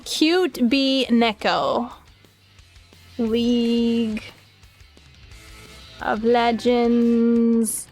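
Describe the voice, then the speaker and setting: High-voiced, giggly woman streamer. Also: darkish tone. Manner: giggly, gushing, swears casually; thinks aloud while searching on her computer. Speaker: art streamer. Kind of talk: casual live-stream chat.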